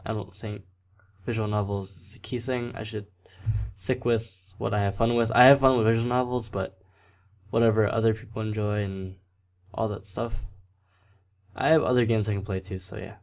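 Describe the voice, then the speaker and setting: A man's voice: lowish voice, fairly even intonation, normal speed, darkish tone. A man hosting a let's play, reading a visual novel aloud with casual, self-deprecating asides and frequent stumbles over words.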